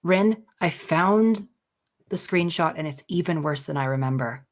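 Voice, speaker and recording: A woman with a very low voice co-hosts a casual podcast. She explains her points in an earnest, careful way. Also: animated, a little slow. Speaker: podcast co-host. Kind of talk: casual chat.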